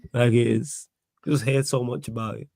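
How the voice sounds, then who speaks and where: A young Mancunian man with a gravelly, creaky edge to his voice, chatting casually about football in a loose, slangy way. His voice is close and dry, with no room sound around it. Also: mid-range voice, fairly even intonation, moderate pace, a little mellow, no echo. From Manchester, England. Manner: laid-back, laughs often, slangy. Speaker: podcast host.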